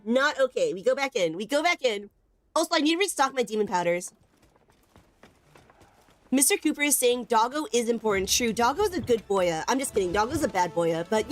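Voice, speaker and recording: A young woman giving bubbly, self-teasing live gameplay commentary from home as a streamer. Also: fairly high pitch. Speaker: gaming streamer.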